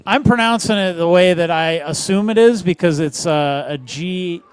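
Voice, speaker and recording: A male host with a slightly high voice keeps his answers short and agreeable. He is doing live interviews outdoors outside a music venue. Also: moderate pace, smooth. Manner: brief, agreeable replies.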